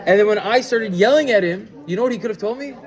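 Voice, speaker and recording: Male rabbi, higher voice, chatty lecture, lots of fillers and restarts, audience murmur behind. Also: fast, crowd noise. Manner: conversational, full of fillers and restarts, asks the listeners questions. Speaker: rabbi teaching a class. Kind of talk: informal Torah lecture with storytelling.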